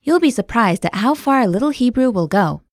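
A woman's voice: fairly high pitch, animated, fairly quick, no echo, clean studio sound. A woman hosting a language podcast, reading a scripted, upbeat introduction. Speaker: podcast host.

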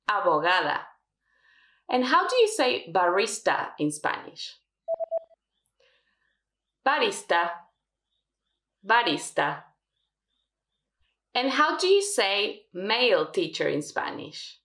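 Female teacher running a lesson drill; animated intonation, roomy sound. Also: medium pitch. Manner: slow, careful modelling of words. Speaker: Spanish teacher.

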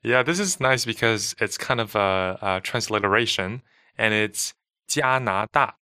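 A man from China co-hosts a language lesson, answering briefly and modeling words clearly. His voice is low but bright and forward. The mic is close and dry. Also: measured pace, no echo. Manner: brief, affirming, models pronunciation.

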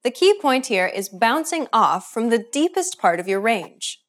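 A woman narrating a scripted language lesson in a clear, measured instructional way. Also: on the high side, very animated. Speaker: language teacher.

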